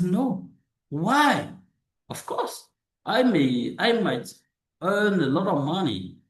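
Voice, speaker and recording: Slow, animated man in an echoey room. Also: sits high. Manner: repetitive, emphatic, with restarts and rhetorical questions. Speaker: motivational speaker. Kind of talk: motivational monologue.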